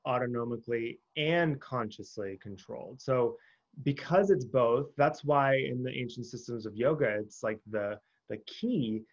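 Guest guy, mid pitch, earnest explainer, muffled lo-fi line. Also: unhurried. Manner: earnest and explanatory, with filler words. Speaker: guest, breathwork coach. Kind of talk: casual conversational interview.

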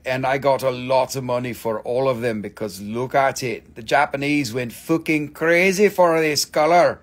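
Excitable, profane crystal seller. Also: male voice, medium pitch, a little slow. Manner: excitable, profane sales patter. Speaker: host selling crystals. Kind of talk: live sales stream.

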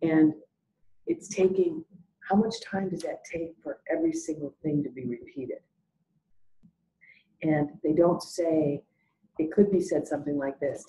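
Delivered at a moderate pace in a mellow, mid-range voice over a low-quality recording, this e-learning webinar comes from a salon business educator. The talk is emphatic and story-driven, with exchanges acted out.

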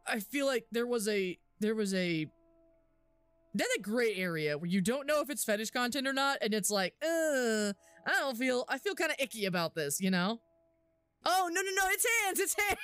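A young woman livestreams gameplay, commenting casually, giggling often and thinking out loud with many fillers. Her voice is a little high, fairly bright and smooth, with no room sound.

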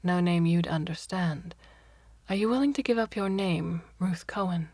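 A woman reading a calm ancient conch-being. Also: fairly low pitch, normal speed, breathy edge, dry recording, studio quality. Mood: solemn.

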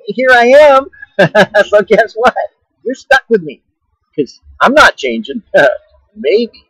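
A man's voice: high-pitched, big pitch swings, slow, a bit bright, husky, no echo, poor audio. A middle-aged man with a joking, playful manner, preaching casually in a vlog from a rest stop and laughing often. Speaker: Christian video blogger.

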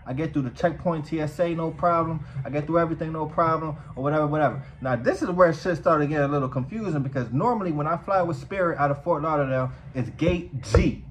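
A man vlogging casually, telling a story in a profane, animated way. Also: fairly high pitch, low-quality recording.

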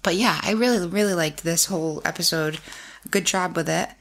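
A woman's voice: on the low side, moderate pace, creaky. A young woman co-hosting a podcast in casual chat, rambling with lots of "like". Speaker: podcast co-host.

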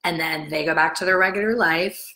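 Low-voiced, bright, chatty woman. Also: a little fast, poor audio. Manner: chatty, blunt, animated, acts out quotes. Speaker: salon owner and hair colorist coach. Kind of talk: casual motivational talk to camera.

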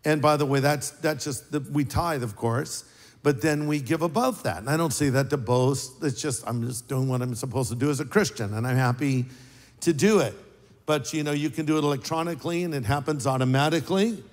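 Older guy preaching, kinda high voice, lively storytelling, echoey big church. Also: a little fast. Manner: animated storyteller, wry and sarcastic asides. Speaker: pastor. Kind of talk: sermon.

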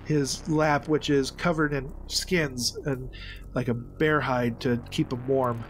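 Man, game master, slow descriptive narration, halting, medium pitch. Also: steady tone, faint music behind.

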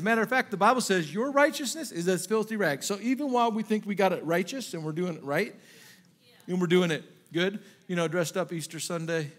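High-voiced impassioned male preacher. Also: brisk. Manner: impassioned, swinging from loud rhetorical questions to hushed asides; repeats phrases, restarts mid-sentence. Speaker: pastor. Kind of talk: sermon.

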